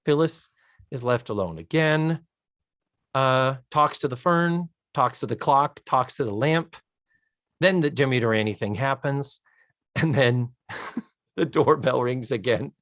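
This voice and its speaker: A man co-hosting a podcast, casually retelling a TV episode in an animated way and laughing often. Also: mid-range voice, takes it slowly, dry recording, studio quality. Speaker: podcast co-host. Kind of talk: casual chat, recapping a TV episode.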